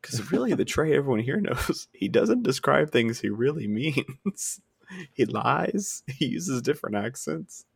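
A man's voice: mid-range voice, sing-song, measured pace, gravelly, breathy edge, no echo. A man co-hosting a podcast, chatting casually in a laid-back, joking way that includes swearing. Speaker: podcast co-host. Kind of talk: casual chat.

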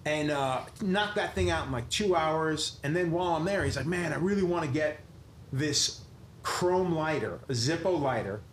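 A man's voice: on the high side, lively intonation, normal speed. A man telling a profane story on a podcast, acting out quotes and swearing constantly. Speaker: tattoo artist telling a story. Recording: roomy echo with faint noise.

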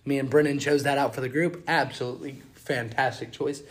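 Animated young Southern man telling stories. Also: medium pitch, fairly quick. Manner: animated, acts out quotes and sound effects. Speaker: podcast co-host. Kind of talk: casual storytelling chat.

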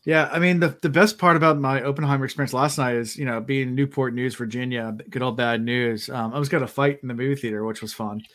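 A man's voice: mid-range voice, fairly even intonation, fast, few pauses, fairly bright tone. A man hosting a casual podcast, tired, telling rambling stories full of fillers. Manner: rambling storyteller, many fillers. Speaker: podcast host. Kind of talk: casual chat.

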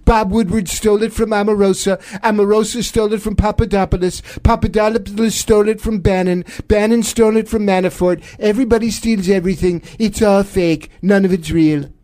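A man voicing a boastful, thin-skinned male president who talks loudly, repeats himself and brags. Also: high voice, steady tone, brisk, hardly any pauses, lightly acted. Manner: loud, boastful, repetitive.

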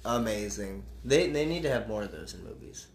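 A man's voice: fairly low pitch, lively intonation, brisk, a little hiss or hum. A man co-hosting a podcast, chatting casually about a horror movie, joking, swearing and acting out the characters' lines. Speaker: podcast co-host. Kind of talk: casual movie review chat. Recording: roomy echo.

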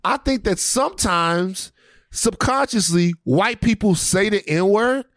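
A man co-hosting a podcast, riffing in an animated, profane, comedic way. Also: high voice, slow, no echo, clean studio sound. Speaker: podcast co-host. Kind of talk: casual comedic chat.

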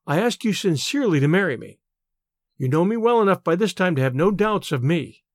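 A man's voice: high-pitched, animated, fairly quick, no room sound, studio quality. A man reading aloud, voicing an earnest young male suitor who pleads tenderly.

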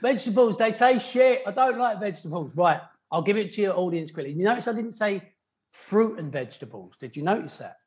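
Blunt sweary English fitness guest. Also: male voice, high-pitched, animated, brisk, darkish tone. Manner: blunt, sweary and upbeat, explaining simply. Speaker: podcast guest and fitness coach. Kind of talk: casual advice chat.

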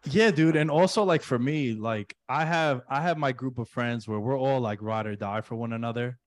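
A man's voice: medium pitch, moderate pace, no echo. Earnest, chummy man on a podcast. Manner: earnest and chummy, says "dude" and "man" a lot. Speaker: podcast co-host. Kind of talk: casual rewatch podcast chat.

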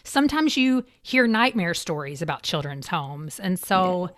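A woman's voice: lowish voice, very animated, measured pace. Encouraging woman interviewer. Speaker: podcast interviewer. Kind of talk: casual interview.

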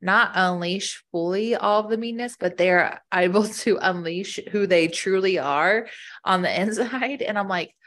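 A woman with a mid-range voice, chatting on a casual podcast. She tells stories in an animated, rambling way, leaning on "like" as she goes. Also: medium pitch, measured pace. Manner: chatty, animated storytelling with frequent "like". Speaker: podcast co-host, military spouse.

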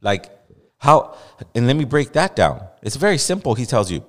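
A man's voice: medium pitch, big pitch swings, normal speed, in a large hall. A man from Los Angeles hosting a podcast, giving blunt, heated commentary with repeated emphasis. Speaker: podcast host. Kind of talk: casual opinionated commentary.

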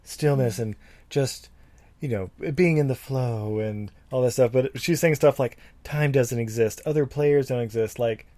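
A man's voice: mid-range voice, unhurried, mellow. A man co-hosting a podcast, recapping a movie in a casual, rambling, profane way with lots of fillers. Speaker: podcast co-host.

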